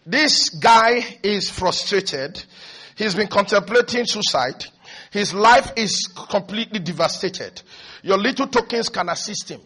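High bright-voiced preaching man. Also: a little slow, breathy edge. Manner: animated, swinging from hushed to shouting. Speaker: pastor. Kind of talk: preaching sermon.

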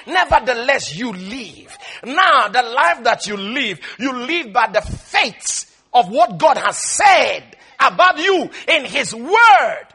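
A male pastor preaching a sermon with animated delivery, drawing words out slowly for emphasis and breaking into laughter. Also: very high voice, breathy edge.

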